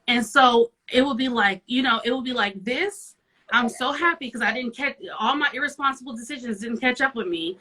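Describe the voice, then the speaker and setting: Bright, animated woman telling her story. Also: on the high side, brisk, rough recording. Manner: lively confessional storytelling. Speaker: guest. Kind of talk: casual chat.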